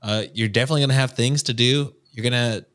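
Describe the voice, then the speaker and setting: A man's voice: mid-range voice, fairly even intonation, quick pace, fairly bright tone. A man co-hosting a casual podcast, giving long earnest opinions with many hesitations. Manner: rambling, many "uh" fillers, earnest. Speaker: podcast co-host.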